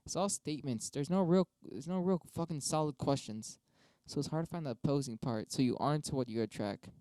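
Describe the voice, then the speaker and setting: A young man rants his way through debate prompts on his own stream, swearing freely and arguing both sides. His voice is dark and smooth, and it sits dry and close to the mic. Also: fairly high pitch, fairly quick, no echo. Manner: profane, rambling, argues both sides with himself. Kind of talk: casual solo monologue.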